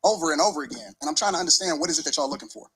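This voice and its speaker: A man's voice: a little high, expressive, racing, fairly bright tone, husky, rough recording. A man in a heated debate, arguing bluntly and insistently and talking over the other speaker. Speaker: debate guest.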